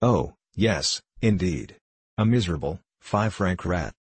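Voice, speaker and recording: A man's voice: deep voice, expressive, unhurried, slightly rough, dry recording, heavily acted. A man voicing a self-satisfied, grumbling middle-aged prison governor in an audiobook, long-winded and complaining. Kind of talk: audiobook dialogue reading.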